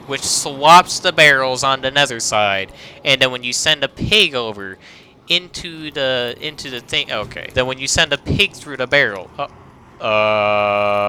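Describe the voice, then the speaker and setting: A man's voice: mid-range voice, bright, forceful tone, clear, resonant tone. A young man narrating a gameplay video from a script, boastful and joking, sometimes tripping over his explanations.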